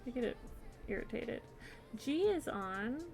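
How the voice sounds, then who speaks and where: A woman's voice: a little high, big pitch swings, a little slow, vocal fry, darkish tone, faint music behind. A woman streamer chatting casually with her viewers while crocheting, giggling often and yawning near the end of her stream.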